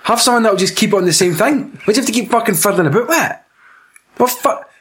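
A Scottish man riffing on films with a friend, crude and full of swearing. His voice sits a touch high and swings widely as he jokes. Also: expressive, fast talker, a bit bright. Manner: crude, sweary, jokey banter. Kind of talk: casual film chat.

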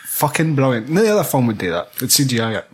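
A man's voice: medium pitch, animated, fast talker, a little hiss or hum. A young Scottish man in casual chat about a film, enthusiastic and swearing constantly.

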